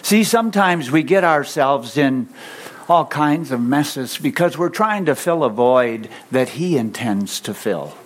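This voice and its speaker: A man's voice: medium pitch, lively intonation, a little slow, slight background noise. A man preaching as a pastor, leading his congregation in call-and-response. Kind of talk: sermon.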